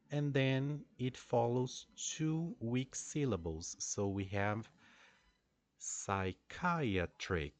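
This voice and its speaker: A man who is not a native English speaker, teaching pronunciation slowly and deliberately and repeating words for drilling. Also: deep voice, no room sound. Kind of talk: pronunciation lesson.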